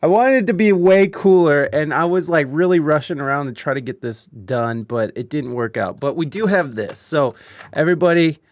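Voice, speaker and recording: A man's voice: fairly high pitch, dry recording. A man hosting a live-streamed podcast, chatting casually and venting about technical trouble, swearing and rambling with lots of fillers. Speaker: podcast host. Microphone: video call.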